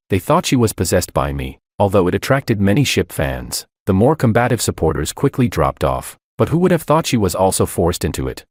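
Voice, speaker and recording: A young man calmly narrating a first-person romance story. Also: low-pitched, dry recording, studio quality.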